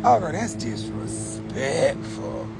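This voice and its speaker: A man vlogging casually from inside a car, joking loudly and cursing as he talks to his viewers. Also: fairly low pitch, very animated, slow, creaky, over loud music. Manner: loud, joking, profane banter with the viewers. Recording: car noise in the background.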